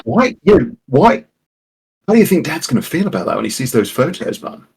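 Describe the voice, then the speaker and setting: A man's voice: fairly high pitch, sing-song, brisk, gravelly, a little mellow, breathy edge, exaggerated voice. A man voicing a young male student who teases and guilt-trips his mother. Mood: needling. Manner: teasing, guilt-tripping.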